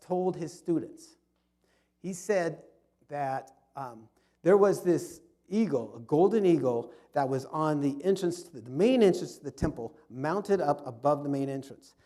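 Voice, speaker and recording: A man's voice: on the high side, expressive, normal speed, dark tone. A man giving an informal history talk in a fellowship hall, telling the story with frequent restarts and repeated words. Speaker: history club speaker.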